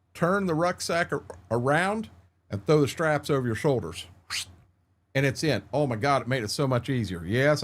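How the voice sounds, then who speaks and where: Animated older man telling war stories. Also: fairly high pitch. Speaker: game streamer. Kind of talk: casual storytelling on a stream.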